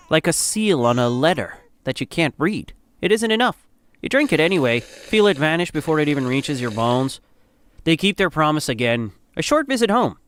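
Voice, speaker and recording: A man's voice: mid-range voice, a bit bright. Grave man narrating a somber story. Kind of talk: second-person dramatic story narration.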